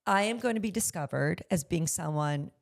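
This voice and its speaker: Candid gravelly woman telling stories. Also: on the low side, normal speed. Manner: candid, animated storyteller who acts out quoted voices. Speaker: podcast guest, luxury consignment store owner. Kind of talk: conversational interview storytelling.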